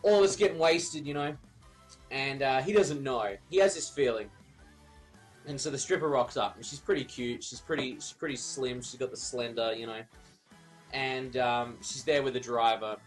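A man's voice: mid-range voice, normal speed, faint music behind. Rambling, foul-mouthed guy telling a story. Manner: rambling, profane, laughs at his own story. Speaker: streamer. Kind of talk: casual storytelling on a live stream.

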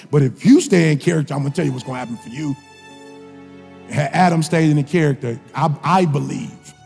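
Shouting preacher with a husky voice. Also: male voice, fairly high pitch, in a large hall. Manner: preaching in shouted, sing-song rising refrains. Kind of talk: motivational sermon.

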